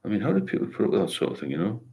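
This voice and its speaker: An older man runs a relaxed sobriety livestream, rambling as he reads comments out loud and responds supportively. He talks rapid-fire in a low, gravelly yet mellow voice with huge pitch swings.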